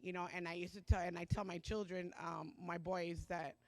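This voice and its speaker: A middle-aged woman giving a personal testimony at a church Sunday service, speaking in a halting, emotional way with many pauses and fillers. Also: lowish voice, steady tone, darkish tone, no echo.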